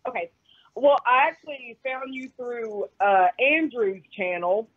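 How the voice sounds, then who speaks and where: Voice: mid-range voice, unhurried, husky. A caller with a Kentucky accent speaks hesitantly, leaning on fillers and little giggles. The voice comes through a muffled, dull-sounding phone line. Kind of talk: casual phone chat.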